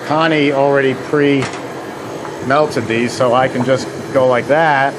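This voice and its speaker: A middle-aged man speaks slowly and flatly in a mid-range voice, with background noise behind him. Heading an ice cream machine company, he casually demonstrates frozen desserts in a kitchen, telling folksy anecdotes full of "uh" fillers.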